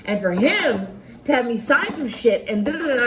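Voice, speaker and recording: A woman's voice: a little high, lively intonation, moderate pace, crowd noise. A woman telling a heated personal story in casual conversation, swearing often and restarting her sentences. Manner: profane, agitated storytelling with many restarts. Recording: echoey room with loud background noise.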